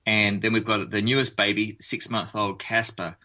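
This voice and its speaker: A man's voice: fairly low pitch, flat delivery, moderate pace, pushed and bright. An Australian man, a musician guest in a casual radio interview, chatting in a rambling way with frequent restarts.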